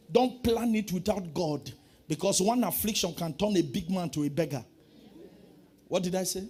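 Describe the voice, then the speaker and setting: A man preaching a sermon in a high, husky voice. He calls out to the congregation and swings from quiet asides to full shouts. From Nigeria. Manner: preaching with call-and-response, swinging from soft to shouting. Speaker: pastor.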